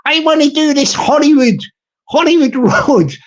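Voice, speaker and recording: A man playing an eager fellow pitching a money-making idea at a council meeting, excitable, repetitive and giggling. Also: moderate pace, dull audio. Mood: excited.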